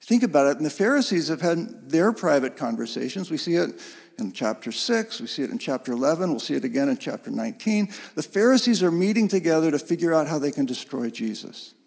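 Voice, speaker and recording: A man preaching a sermon in an earnest, gently emphatic way, heard in a church sanctuary. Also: on the high side, sing-song, a little fast, vocal fry, slightly rough, long reverb tail. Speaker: pastor.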